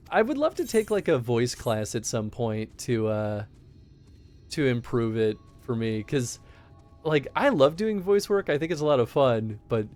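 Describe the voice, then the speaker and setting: A man's voice: medium pitch, a little mellow. A man streaming a game, chatting casually and animatedly, laughing often. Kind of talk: casual gameplay chat.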